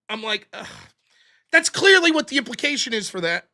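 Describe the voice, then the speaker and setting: A man hosts a live internet show and talks straight to his viewers in a blunt, profane rant. His voice sits high for a man and sounds bright and forceful. He reels off donations and rules for the chat in a brisk, casual way. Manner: blunt, profane, animated ranting. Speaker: livestream host.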